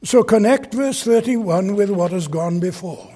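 A man's voice: sits high, a little slow, warm tone. A man preaching an expository sermon from a pulpit, earnest and emphatic as he explains a Bible passage. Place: church pulpit.

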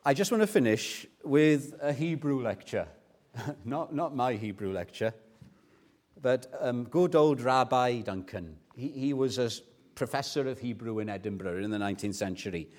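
A man's voice: mid-range voice, animated, moderate pace, darkish tone. A man preaching a sermon, earnest and full of storytelling and rhetorical questions.

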